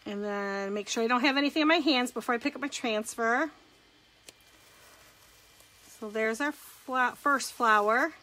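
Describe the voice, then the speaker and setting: A woman's voice: fairly high pitch, unhurried, pauses often, sharp tone, rough recording. A woman giving a chatty live crafting demonstration, walking through each step and greeting viewers as she works. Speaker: craft demonstrator and direct sales consultant.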